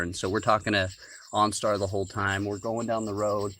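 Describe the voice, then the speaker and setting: A man's voice: lowish voice, level tone, brisk, bright, forceful tone, no room sound. A man casually telling a long story from his own life on a podcast, rambling with fillers and restarts. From rural United States.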